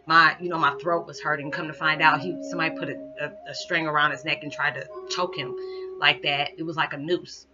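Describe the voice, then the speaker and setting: A woman's voice: low-pitched, fairly even intonation, a little fast. A woman vlogger giving an earnest, rambling, emotional monologue, speaking to her viewers. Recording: dull recording with music behind.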